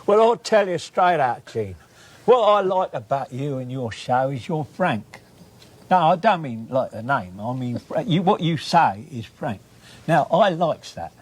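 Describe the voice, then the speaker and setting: A man's voice: a little high, a little mellow, slightly rough, pitched above the performer's own voice, exaggerated voice. A man putting on a chatty old-style Cockney character with a folksy, rambling manner. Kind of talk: interview with improvised character voices.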